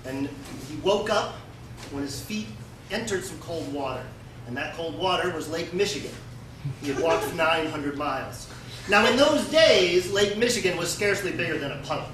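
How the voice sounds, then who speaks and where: A man telling a folksy tall tale to a live audience in a deadpan, mock-solemn manner. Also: a little high, normal speed. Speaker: storyteller. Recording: echoey room, distant mic, noisy.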